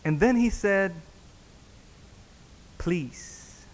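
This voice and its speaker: A man, a pastor, telling a story in a sermon, halting and repeating words as he acts out the dialogue. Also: fairly high pitch. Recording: long reverb in a hall.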